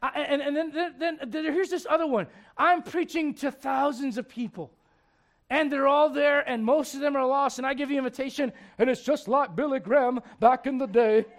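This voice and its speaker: High-voiced, animated male preacher. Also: moderate pace. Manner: animated, rousing, asks the congregation questions. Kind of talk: sermon. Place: church before a congregation.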